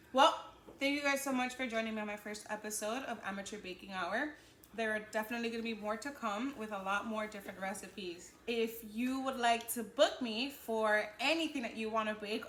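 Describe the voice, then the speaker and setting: A woman's voice: medium pitch, a bit bright, echoey room, a little hiss or hum. A woman hosting a casual home baking show, chatty and upbeat as she walks viewers through each step. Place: home kitchen.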